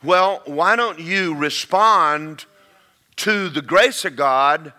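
An older man delivers a sermon in a folksy, emphatic way. His voice sits a little high and sounds bright and forceful. He drags out key words slowly to drive them home. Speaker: preacher.

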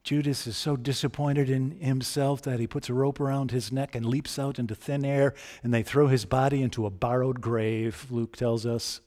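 A man's voice: medium pitch, little pitch movement, moderate pace, hardly any pauses, a little mellow. A man preaching a sermon in a conversational way, often asking the listeners direct questions.

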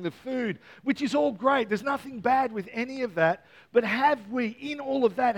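A man preaching a Christmas Eve sermon, earnest and repeating key words, with playful joking asides to the congregation. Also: high-pitched. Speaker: pastor.

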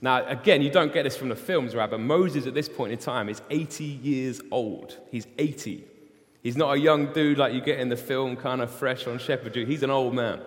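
Casual preacher in an echoing hall. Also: male voice, mid-range voice, normal speed. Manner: casual, storytelling, animated. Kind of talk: sermon. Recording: long hall reverb.

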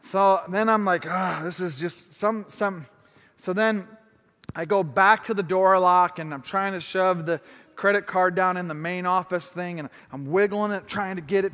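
Male pastor, high voice, lively sermon storyteller, echoing church hall. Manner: animated, self-deprecating humor, acts out his own thoughts.

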